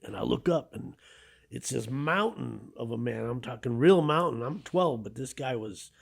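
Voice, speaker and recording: A man in his fifties, a guest author on a radio interview, telling stories from his past in an animated, conversational way. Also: mid-range voice, normal speed, creaky.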